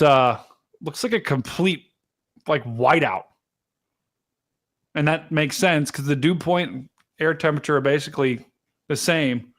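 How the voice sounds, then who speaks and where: A man hosting a live storm-tracking stream, chatting casually to his viewers and explaining radar, excitable and talkative. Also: medium pitch. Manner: excitable, chatty, talks to chat directly. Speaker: livestream weather host.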